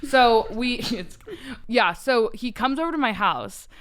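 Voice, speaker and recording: A woman's voice: on the high side, animated, measured pace, fairly bright tone. A woman who is a podcast guest, telling candid, profane stories in casual chat and filling her talk with "like". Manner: candid, profane storytelling with many "like" fillers.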